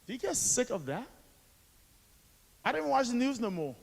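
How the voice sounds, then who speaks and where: A man's voice: very high voice, sing-song, a little fast, gravelly, pauses often, a little mellow. A man in his forties from Liberia, an author and activist telling his story to a school assembly with rhetorical questions to the audience. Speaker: guest speaker, author and activist. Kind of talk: motivational school assembly speech. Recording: echoey hall.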